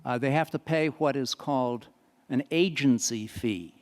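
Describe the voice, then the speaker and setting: A man's voice: medium pitch, measured pace, a little mellow. A man on a panel explaining a legal point precisely. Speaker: panel speaker. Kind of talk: answering audience questions. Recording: reverberant conference hall.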